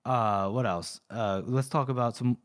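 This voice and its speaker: A man's voice: medium pitch, measured pace. A man co-hosting a podcast, casually retelling a story and acting out the quoted lines. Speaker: podcast co-host recapping a novel. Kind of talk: casual chat.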